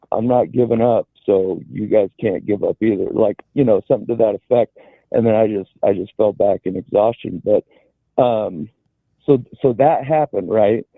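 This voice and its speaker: A man calling in to a talk show, telling his story in a halting way with many restarts and fillers over a phone line. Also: fairly low pitch, creaky, no echo. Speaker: caller. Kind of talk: casual call-in story.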